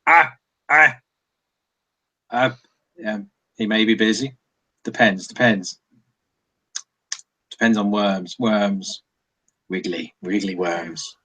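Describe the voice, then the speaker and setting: A man's voice: fairly low pitch, takes it slowly, long pauses, pushed and bright, husky, heavily acted. A man voicing a greedy, impatient seagull with a squawking, barking call. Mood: squawky.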